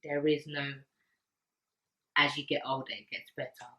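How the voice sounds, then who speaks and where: A woman's voice: low-pitched, little pitch movement, fairly bright tone, poor audio. Earnest young woman talking to camera. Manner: earnest, emotional, pauses and repeats words. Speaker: vlogger. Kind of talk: personal talk to camera.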